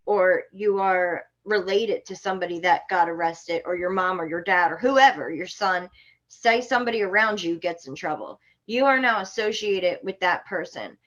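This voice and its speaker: A woman from Florida tells her story as a podcast guest. She is animated and indignant, and she often breaks into sharp, exasperated outbursts. Her voice sits at an ordinary middle pitch. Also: muffled recording. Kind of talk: casual storytelling.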